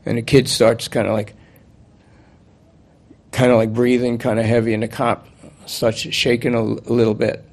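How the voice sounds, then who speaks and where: A man's voice: mid-range voice, level tone, moderate pace, pauses often, a little mellow. A man telling a story aloud in a loose, conversational way, with plenty of fillers and restarts. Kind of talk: spoken storytelling monologue.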